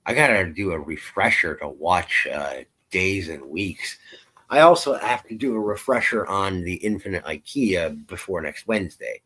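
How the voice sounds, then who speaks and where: An adult man co-hosting a podcast, chatting casually and telling stories in a playful, animated way. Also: sits low, moderate pace, slightly rough. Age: adult, parent of a twelve-year-old. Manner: animated, playful storytelling with jokes. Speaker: podcast co-host. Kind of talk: casual chat.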